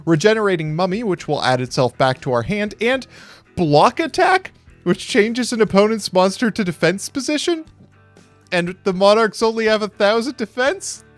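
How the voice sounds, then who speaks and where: A man with a slightly high voice calls card game duels in a casual, wry play-by-play. He sounds upbeat and addresses the viewers as folks while hiccups keep interrupting him. Soft music plays faintly underneath. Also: sing-song, moderate pace, dry recording. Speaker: YouTube card game commentator.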